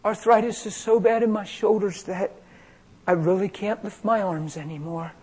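A woman's voice: mid-range voice, fairly even intonation, moderate pace, dark tone, husky, pitched above the performer's own voice, close to an everyday voice. A man voicing a timid woman in her fifties asking for help, in a story told during a sermon. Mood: pleading. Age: 50s.

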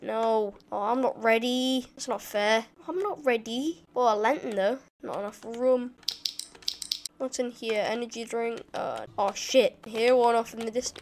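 A high-pitched woman narrating her game as she plays, excitable and full of swearing. She shouts insults at the enemies on screen. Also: moderate pace. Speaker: gamer. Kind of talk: gameplay commentary.

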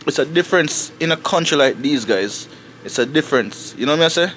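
A man with a Jamaican accent talking casually to camera for his family vlog outdoors in the snow, animated and preachy, slipping into patois. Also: fairly high pitch, fast talker, slight background noise. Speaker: family vlogger.

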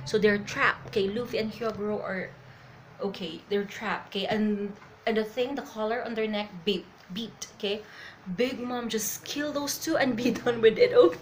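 A woman doing a live reaction to a comic, excitable and a little nervous, laughing and tagging her sentences with "okay?". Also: medium pitch, moderate pace, slight background noise, poor audio. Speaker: manga reaction vlogger. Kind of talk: live reaction and reading aloud.

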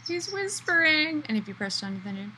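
A woman author chatting excitedly from a hotel room, gushing with enthusiasm. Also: high voice, brisk, slight background noise, poor audio. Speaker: children's book author. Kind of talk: casual excited video chat.

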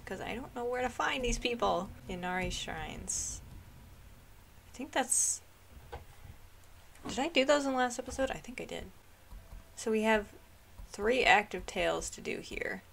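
Woman gamer, casual play-along commentary, unhurried delivery, easily startled into squeals and laughs; noisy hiss behind the voice. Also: mid-range voice, gravelly. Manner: excitable, shrieks and laughs during fights; chatty and self-mocking. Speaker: gaming channel host.

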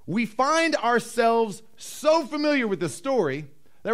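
A man preaching a sermon as pastor, telling the story with animated acted-out voices and dropping low and slow for emphasis. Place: church.

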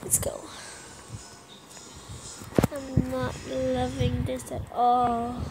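High-voiced woman nervously narrating gameplay. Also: monotone, very slow, heavy background noise. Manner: nervous, self-deprecating chatter with frequent exclamations. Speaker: gameplay vlogger. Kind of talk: casual game commentary.

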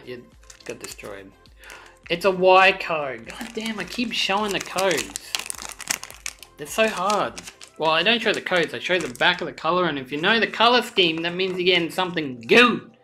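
A woman's voice: on the low side, normal speed, faint music behind. A young woman hosting her channel, chatting casually and swearing often as she opens card packs for viewers. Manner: excitable, swears a lot, chatty asides to viewers. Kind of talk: casual pack-opening commentary.

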